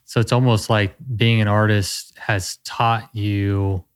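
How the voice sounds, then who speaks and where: Male interviewer, lowish voice, casual and encouraging follow-up questions. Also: level tone, slow pace, clean tone. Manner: encouraging, sums up the guest's points.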